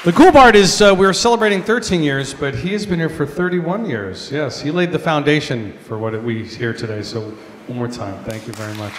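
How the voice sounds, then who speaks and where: A man, a comedian, tells an animated story at a gala. His voice sits a little high, and it rings out into a big echoey hall with a long reverb tail. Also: fairly quick, a faint crowd. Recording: echoey hall, faint noise.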